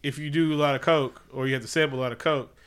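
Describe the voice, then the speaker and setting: Bright, clear-voiced joking man. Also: mid-range voice, fairly even intonation, quick pace. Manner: loose, joking, profane, laughs often. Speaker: podcast co-host. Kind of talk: casual movie recap chat.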